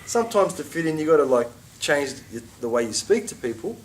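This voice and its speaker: A middle-aged man teaching an informal religious class, chatty and animated, with asides and mock quotes. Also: fairly high pitch, a little fast, far from the mic.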